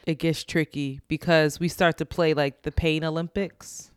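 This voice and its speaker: A woman's voice: sits low, steady tone, clear, resonant tone, no echo, studio quality. A woman co-hosting a podcast, teasing her co-host in a slangy casual chat. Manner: teasing, slangy, quick to laugh.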